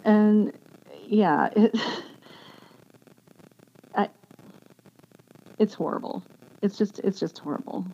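A woman giving an earnest, emotional personal testimony as an interview guest, speaking haltingly with many restarts. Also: medium pitch, mellow. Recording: dull lo-fi sound with faint background noise.

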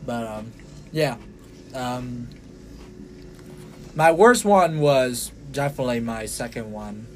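A young man hosting a podcast in casual chat, talking in a halting, rambling way with many restarts and fillers. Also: mid-range voice, darkish tone, a little hiss or hum. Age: young adult. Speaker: podcast host.

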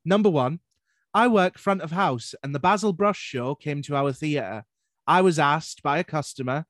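A man's voice: fairly high pitch, normal speed, dry recording, clean studio sound. A Scottish man from Glasgow, a playful podcast host chatting and running a game. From Glasgow, Scotland. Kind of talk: casual chat.

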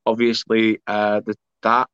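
A man's voice: fairly low pitch, completely flat delivery, a little slow, fairly bright tone, clear, resonant tone, dry recording. Male host, casual and chatty, dry, muffled audio. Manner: chatty, laughs often, reads comments aloud. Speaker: podcast host reading viewer comments. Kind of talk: casual chat.

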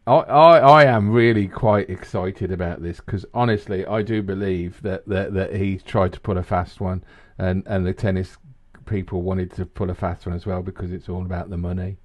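A man chatting casually as co-host, telling stories with lively energy. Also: moderate pace. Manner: animated storyteller, jumps into high mimicking voices. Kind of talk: casual chat.

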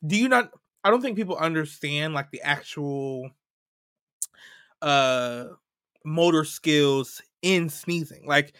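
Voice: medium pitch, slow, long pauses, fairly bright tone, dry recording, studio quality. A podcast co-host in casual chat, making an emphatic point step by step.

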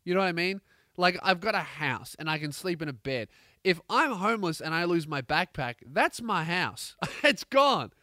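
Profane Australian comedian ranting brightly. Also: male voice, fairly high pitch, moderate pace, no echo, clean studio sound. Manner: profane, rambling, animated. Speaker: comedian podcast host. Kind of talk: comedic rant.

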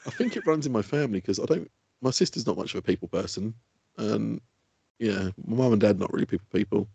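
Lively fast-talking man. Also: lowish voice, vocal fry, slightly rough, dry recording. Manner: animated, laughing, swearing freely. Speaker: podcast co-host. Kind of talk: casual chat. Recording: dull lo-fi sound.

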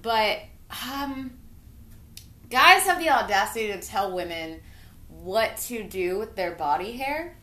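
A woman's voice: medium pitch, expressive, slow, pushed and bright. A young woman co-hosting a podcast in a brash, profane, casual chat, laughing often. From Italian heritage. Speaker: podcast co-host. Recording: echoey room.

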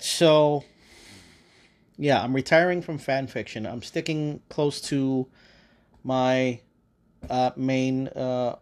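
Man, podcast host, casual monologue, rambling, swears a lot, many fillers, middle pitch. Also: a little mellow.

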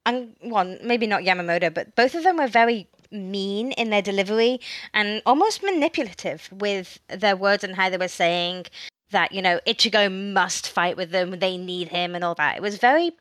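A woman co-hosting a podcast in casual chat, talking in an animated way and often restarting her sentences. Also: mid-range voice, normal speed, dry recording. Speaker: podcast co-host.

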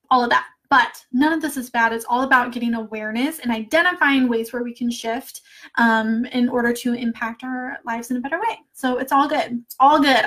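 Chatty woman answering comments, kinda high voice, laughs a lot, money coach vibe. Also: a bit bright. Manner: chatty and candid, laughs often. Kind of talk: casual live chat answering viewer comments.

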